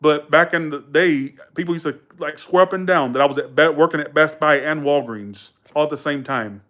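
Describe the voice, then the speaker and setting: A young man talks casually to his viewers, rambling and correcting himself as he goes. His voice sits a touch high for a man. He drops into quoted dialogue and keeps a loose, colloquial flow. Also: a little fast, a bit bright. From Georgia, USA. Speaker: live streamer chatting with viewers. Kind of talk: casual chat and storytelling.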